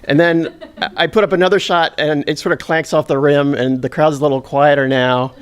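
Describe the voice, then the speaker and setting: A man telling a humorous personal story on stage to a live audience, with a self-deprecating, animated delivery. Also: on the high side, a little fast, clean tone.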